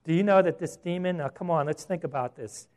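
Male pastor, sermon delivery, conversational and animated, voice a bit high. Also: a little fast. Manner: animated and conversational, with rhetorical questions.

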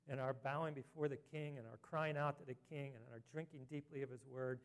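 A man's voice: mid-range voice, fairly even intonation, brisk. A man preaching an earnest sermon as a pastor, rising to emphatic scripture reading.

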